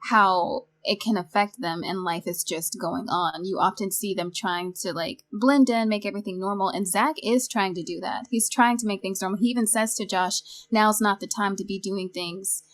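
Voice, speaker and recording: A woman's voice: mid-range voice, fairly even intonation, moderate pace, few pauses. A woman co-hosting a podcast, casually discussing a film and retelling its scenes with quoted lines. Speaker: podcast co-host.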